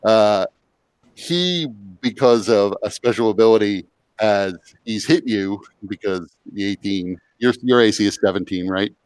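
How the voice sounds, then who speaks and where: A man narrating a tabletop game as game master, in a measured, descriptive way. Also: fairly low pitch, clear, resonant tone, dry recording.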